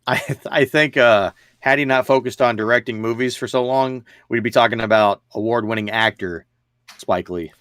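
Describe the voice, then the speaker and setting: A man's voice: mid-range voice, normal speed, a bit bright, smooth, no echo. Male podcast co-host, blunt and jokey, with a dry, close sound. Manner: blunt, joking, emphatic. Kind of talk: casual movie review chat.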